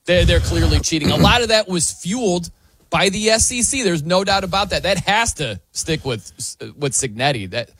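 A man hosting a sports radio show, energetic and upbeat as he introduces segments and banters with co-hosts. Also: high-pitched, normal speed, slightly rough, no room sound, studio quality. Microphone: studio microphone.

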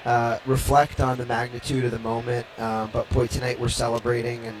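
A man's voice: medium pitch, level tone, a little fast, low-quality recording. A slightly winded man talking on air from a ballpark. He is upbeat and stumbles into restarts as he speaks, with faint noise behind him. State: slightly out of breath. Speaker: baseball team executive. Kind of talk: on-air interview. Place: ballpark during a game.

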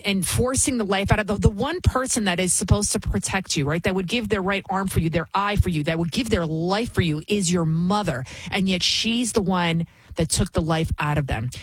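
A woman's voice: medium pitch, husky, no echo. A woman hosting her own commentary show, speaking with indignant emphasis and repeating phrases for effect. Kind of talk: opinionated commentary.

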